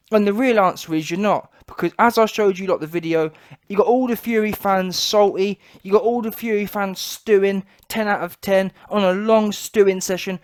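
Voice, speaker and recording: A British man with a British English accent, ranting in an emphatic, repetitive and mocking way on a boxing vlog. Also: high voice. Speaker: boxing vlogger. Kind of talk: opinionated vlog rant.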